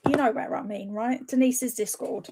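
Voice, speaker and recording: A woman hosts a casual reading livestream, her voice sitting a little high. She chats warmly with her viewers and reads their comments aloud. She cheers them on, laughing lightly as she goes. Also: normal speed. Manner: chatty and encouraging, with frequent small laughs. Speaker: livestream host of reading sprints.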